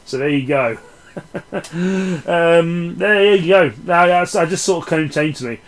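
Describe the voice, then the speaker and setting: A man's voice: a little high, a little slow, rough recording. A man giving a casual film review in a rambling, sarcastic, sweary way.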